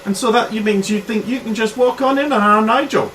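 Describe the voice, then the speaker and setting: A man's voice: high-pitched, fairly quick, a bit bright, distant mic, a little hiss or hum, pitched above the performer's own voice. A man voicing a brash, aggressive young local girl who mocks and picks fights. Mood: hostile.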